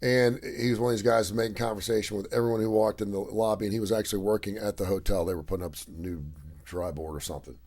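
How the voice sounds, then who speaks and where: Man, middle-aged, radio co-host, animated storytelling, acts out quotes. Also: fairly low pitch, fast.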